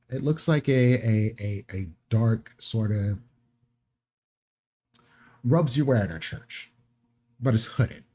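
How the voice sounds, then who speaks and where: A man narrating as game master in a relaxed, rambling way with many fillers. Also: on the low side, husky.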